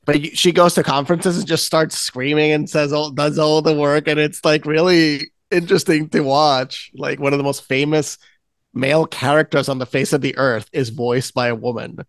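A man's voice: on the high side, steady tone, normal speed, no room sound. A man hosting a casual podcast chat, rambling with many restarts. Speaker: podcast host.

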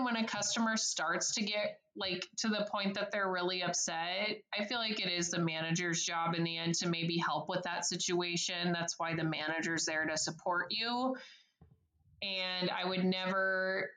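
A woman's voice: fairly low pitch, sharp tone, echoey room, low-quality recording. A woman working as a service advisor, talking in a podcast interview in a bubbly, chatty way and laughing often. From United States.

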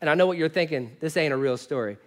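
Male pastor, high voice, lively sermon storyteller, loud-to-hushed swings. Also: quick pace. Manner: animated storytelling, wide swings between loud bursts and quiet asides.

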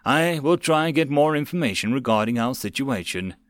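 A man voicing a calm, matter-of-fact military officer. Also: medium pitch, a little fast, no room sound, natural voice.

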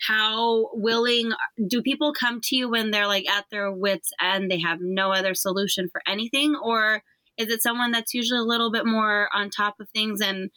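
A woman host asks her guest long, curious questions in a casual chat. Her voice is bright and crisp, recorded dry and close with no room sound. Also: mid-range voice, fairly even intonation, moderate pace, no echo, rough recording. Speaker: podcast host. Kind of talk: casual interview talk.

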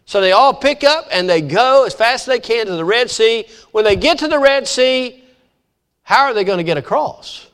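A man preaching a sermon, retelling the story with lively acted-out voices. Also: extremely high pitch, moderate pace, clean tone. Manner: animated storytelling, acting out voices of biblical figures. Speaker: pastor.

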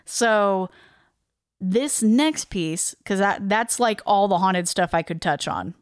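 A woman co-hosting a podcast at a mid pitch, talking casually and with a wry humor. She reads her research notes aloud and drops offhand jokes between the lines. Her voice is close and dry, with no room sound. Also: expressive, takes it slowly, smooth, dry recording. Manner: chatty, wry, laughs easily, reads notes aloud with asides. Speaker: podcast co-host.

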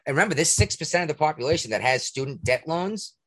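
A man hosting a podcast, ranting in casual talk, profane and indignant, with a husky voice. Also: on the high side, animated, fast talker, a bit bright. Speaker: podcast host. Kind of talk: heated casual rant.

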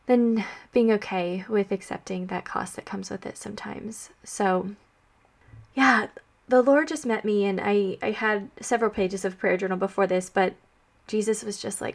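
A young woman hosting a Catholic podcast, sharing her faith in a heartfelt, soft-spoken way, often dropping to a hushed near-whisper and tearful at times. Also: mid-range voice, fairly even intonation, moderate pace, gravelly.

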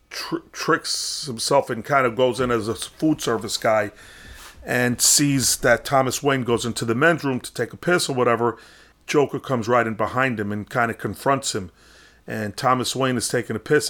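A man casually retelling a film, with a voice of ordinary middle pitch for a man. He rambles, restarts his sentences and leans on fillers as he goes. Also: a bit bright. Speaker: film recapper.

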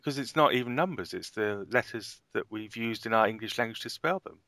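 A man co-hosting a podcast in casual chat, lively and quick to joke and protest. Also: lowish voice, no echo, studio quality. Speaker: podcast co-host.

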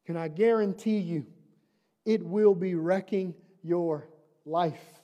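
A man's voice: high-pitched, takes it slowly, warm tone. A man preaching a sermon as pastor, conversational and humorous, asking the congregation questions and building to emphatic repeated lines.

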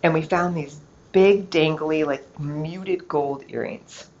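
A middle-aged woman hosts her own podcast, telling a story in a chatty, animated way and filling it with "like." Her voice sits a little low. The recording is a bit dull and lo-fi, with a faint hiss behind her. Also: takes it slowly. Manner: chatty, animated, heavy use of "like". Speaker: podcast host. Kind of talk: casual solo storytelling podcast.

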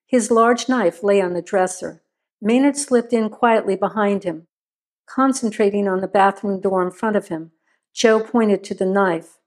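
A woman reading a crime story aloud in a steady, measured narration. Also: mid-range voice.

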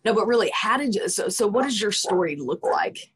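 A woman's voice: medium pitch, lively intonation, a little fast, husky. A woman hosting a podcast, chatting enthusiastically and reading out listener questions. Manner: enthusiastic, playful, affirming. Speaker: podcast host. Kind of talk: casual podcast conversation.

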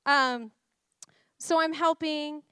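A woman's voice: high voice, steady tone, takes it slowly, pushed and bright, dry recording, clean studio sound. A woman in her thirties giving a chatty, self-deprecating sermon full of personal stories and laughter. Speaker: guest preacher. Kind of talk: conversational sermon storytelling.

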